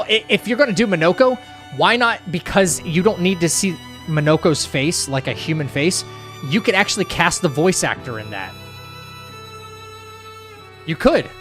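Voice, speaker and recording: A man's voice: on the high side, fairly bright tone. A man streaming and chatting casually, reacting to viewer comments and restarting his sentences often. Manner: rambling, with frequent restarts and stammers. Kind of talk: casual chat reading live chat.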